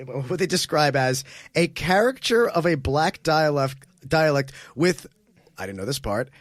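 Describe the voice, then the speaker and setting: A man's voice: on the high side, animated, measured pace, dry recording. A man co-hosting a casual comedy podcast, talking in a rambling, wry way. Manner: rambling, wry, self-interrupting. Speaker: podcast co-host.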